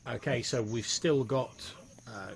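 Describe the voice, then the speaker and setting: Gravelly-voiced man running a tabletop game. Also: medium pitch, a little slow, slight background noise. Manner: descriptive, steady narration with many "like" fillers. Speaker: game master.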